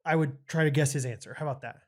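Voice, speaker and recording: Male podcast co-host, high voice, goofy casual banter. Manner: jokey, quick with silly answers. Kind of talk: casual chat.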